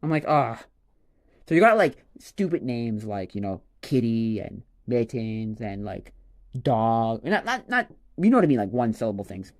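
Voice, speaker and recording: A man on a casual livestream, rambling and exclaiming excitedly as he opens trading cards. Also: mid-range voice, normal speed. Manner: excitable, rambling, exclaims over each card. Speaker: streamer opening a card pack.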